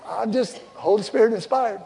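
An older man preaching a sermon as a pastor, telling stories with loud punchlines and soft asides. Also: high-pitched, normal speed, creaky, breathy edge. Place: church sanctuary. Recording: long hall reverb, faint crowd ambience.

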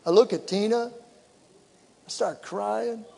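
Middle-aged male preacher, very high voice, animated, shouting sermon, echoing hall. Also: slow pace, gravelly, slight background noise. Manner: animated, shouting to the congregation, with laughter. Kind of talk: sermon with personal story. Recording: large hall with long reverb.

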